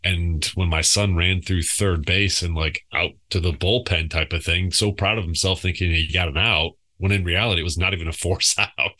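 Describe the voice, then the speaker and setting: Low, bright-toned man telling a story. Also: fairly quick. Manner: animated storyteller who acts out quotes and laughs. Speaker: podcast co-host and youth coach. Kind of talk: casual podcast chat.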